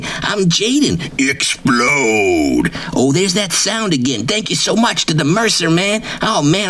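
A man's voice: fairly high pitch, a bit bright, pitched above the performer's own voice, heavily acted. A man voicing a boastful, swaggering male wrestling writer who brags nonstop and repeats his catchphrases in a comedic character bit. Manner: brash bragging, repeats catchphrases, drawls "man" constantly.

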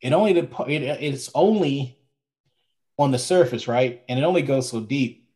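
A man's voice: mid-range voice, moderate pace, dark tone. A man co-hosting a podcast in a casual, rambling chat, often repeating himself. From from Maryland, now Florida. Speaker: podcast co-host.

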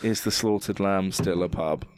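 A man's voice: low voice, normal speed, smooth, no echo. A man co-hosting a podcast in casual chat, swearing freely, laughing often and teasing his co-host.

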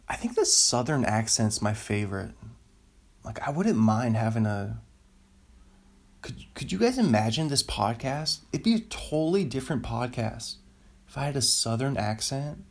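A man's voice: mid-range voice, moderate pace, vocal fry, a little mellow. A man in his thirties hosting a solo podcast, rambling, cutting himself off and laughing at his own jokes. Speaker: podcast host.

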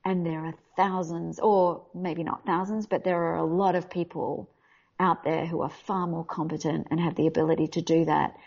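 Australian actress, husky and gravelly, candid and animated, recorded on dull lo-fi audio. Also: female voice, lowish voice. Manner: candid, animated, quick to laugh. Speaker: voice actor guest. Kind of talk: casual interview talk.

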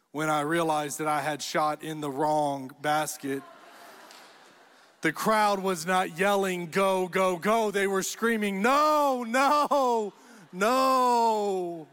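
Man, pastor preaching, high voice, slow, long church echo. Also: little pitch movement, a bit bright. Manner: storytelling, rises to emphatic repeated phrases. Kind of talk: sermon. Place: church auditorium.

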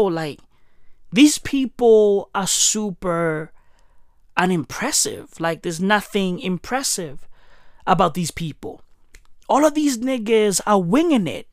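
A woman's voice: medium pitch, no room sound, clean studio sound. A woman delivering a profane, mocking rant full of slang, often tagging on questions. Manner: profane, mocking, slangy, keeps asking right?. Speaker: commentator. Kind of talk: ranting commentary.

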